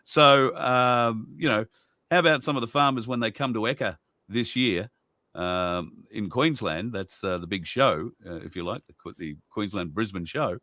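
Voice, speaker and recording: A man's voice: fairly low pitch, moderate pace, bright, forceful tone, no echo, studio quality. An Australian man chatting on an online talk show, explaining at length with rambling asides. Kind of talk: casual chat.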